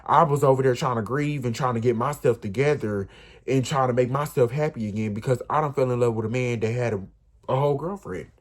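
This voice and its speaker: A man's voice: mid-range voice, a little fast. A young man, telling an emotional, rambling storytime straight to his viewers. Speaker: vlogger. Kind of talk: storytime vlog.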